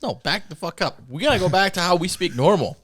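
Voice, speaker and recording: A man's voice: high-pitched, animated, fast talker, fairly bright tone, husky. A man from Michigan co-hosting a casual movie podcast, blunt and swearing freely as he rants playfully. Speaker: podcast co-host.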